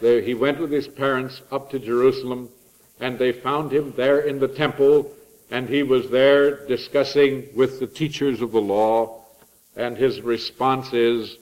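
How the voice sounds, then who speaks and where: A middle-aged man preaching a learned, lecture-style sermon full of asides, with lively swings of pitch and pace for emphasis. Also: a little slow, low-quality recording. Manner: learned, digressive, with frequent asides. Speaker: preacher or lecturer on the church year.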